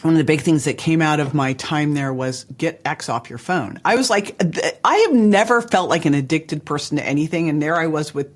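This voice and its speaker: A woman's voice: low voice, animated, brisk, few pauses. A woman hosting a podcast, chatty and laughing as she tells self-mocking anecdotes. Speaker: podcast host. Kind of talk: casual podcast conversation.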